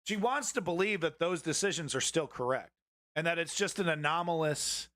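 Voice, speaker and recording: A man's voice: a little high, normal speed, a bit bright, dry recording, clean studio sound. A young man hosting a live political news stream, talking to his chat in a blunt, profane, confrontational way.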